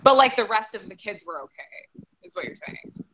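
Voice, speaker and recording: A woman co-hosting a podcast over a remote call, reacting with excited, apologetic interjections. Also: medium pitch, normal speed, noisy background. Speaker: podcast co-host. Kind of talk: casual chat, reacting.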